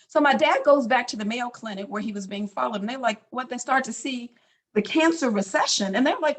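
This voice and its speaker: A woman's voice: fairly high pitch, a little fast. A middle-aged woman and physician telling a personal family story in a casual, filler-heavy way. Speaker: physician speaker. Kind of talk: personal testimony talk.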